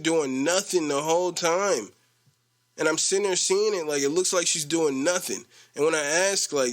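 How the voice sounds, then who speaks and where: Slangy animated young man, higher voice. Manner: animated, slangy, mimics coworkers with a low voice; laughs often. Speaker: podcast host. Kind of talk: casual storytelling rant.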